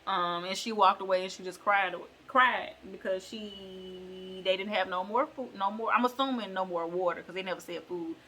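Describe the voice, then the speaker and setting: Woman vlogger chatting through a bible story, slangy and rambling, bright voice. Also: mid-range voice, fairly even intonation, normal speed, hardly any pauses, slight background noise. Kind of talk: casual bible retelling.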